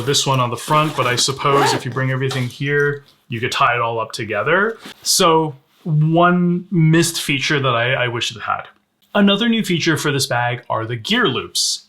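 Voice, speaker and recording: A man's voice: medium pitch, sharp tone, a little hiss or hum. A man reviewing a sling bag in a casual, candid way, showing its features as he talks. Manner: conversational, candid, demonstrating gear on camera. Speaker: gear reviewer.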